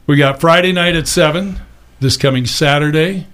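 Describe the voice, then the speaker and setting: A man's voice: a little high, moderate pace, fairly bright tone. A man hosting a casual interview, asking rambling friendly questions with plenty of fillers. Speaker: radio talk show host.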